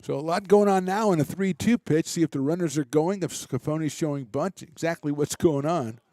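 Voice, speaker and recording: A man doing relaxed, chatty play-by-play commentary for a college baseball game, with self-deprecating asides. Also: a little high, a little fast, no echo, studio quality. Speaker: play-by-play announcer.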